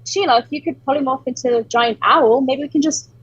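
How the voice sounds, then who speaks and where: A woman's voice: high-pitched, brisk, slightly rough, dull audio. A woman talking as a player in a tabletop game, upbeat and chatty. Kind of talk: tabletop game role-play.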